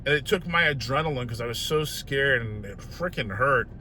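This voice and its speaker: A man's voice: mid-range voice, animated, normal speed, pushed and bright, a little hiss or hum. A man vlogging in a casual, self-mocking storytelling way, often tagging his lines with "right?".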